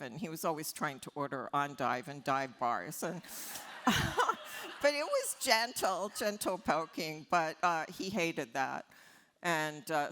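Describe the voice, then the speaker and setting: Older woman columnist, bright and animated, telling stories on stage with laughs. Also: sits low. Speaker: interview guest, columnist. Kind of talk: anecdotal storytelling on stage.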